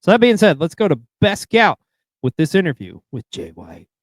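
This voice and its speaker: A man's voice: on the high side, wildly swooping pitch, moderate pace, no room sound, clean studio sound. A man hosting a casual wrestling recap show, speaking with frequent fillers. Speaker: podcast host.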